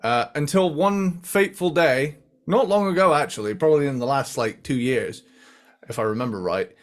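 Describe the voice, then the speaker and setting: A man's voice: a little high, normal speed. A man from England co-hosting a podcast, telling stories in hesitant casual chat. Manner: hesitant, lots of fillers and restarts. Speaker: podcast co-host.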